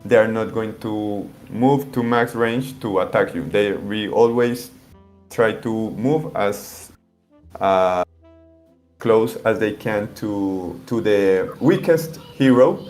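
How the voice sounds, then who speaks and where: Slow-talking man explaining game rules. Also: fairly low pitch, darkish tone, soft background music. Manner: explains rules step by step with many restarts. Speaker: game designer guest. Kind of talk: interview answers.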